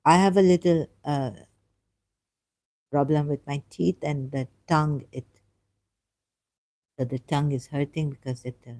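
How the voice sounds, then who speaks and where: Unhurried and pausing often, a religion critic reacts to a video in a low, slightly mellow voice with fairly even intonation, reading aloud and arguing back. She's exasperated, argumentative and stumbles over words in this casual commentary.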